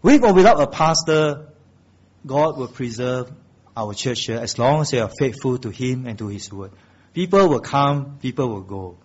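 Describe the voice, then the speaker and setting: Preaching with lively intonation at medium pitch, a man with a slightly husky voice swells to loud, emphatic high points. He then lingers softly and slowly on the key phrases. Sound quality is dull and lo-fi.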